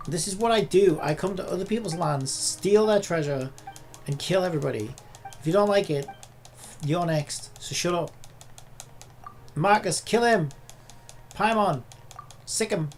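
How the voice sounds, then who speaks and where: Gravelly male streamer with a sarcastic, foul-mouthed running rant and faint music underneath. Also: on the high side, moderate pace, darkish tone. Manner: sarcastic, sweary ranting at the game. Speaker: game streamer. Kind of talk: profane livestream commentary.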